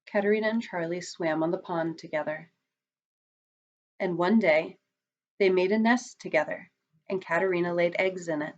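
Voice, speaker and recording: A woman storyteller reading a children's picture book aloud, in an expressive, dramatic manner. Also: fairly low pitch, moderate pace, long pauses. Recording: dull lo-fi recording.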